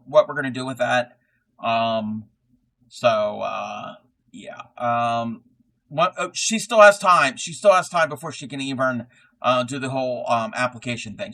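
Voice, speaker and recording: A man hosting a crafting live stream, chatting casually while he crochets. He rambles in a low-key way, with lots of fillers and restarts. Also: a bit bright, low-quality recording.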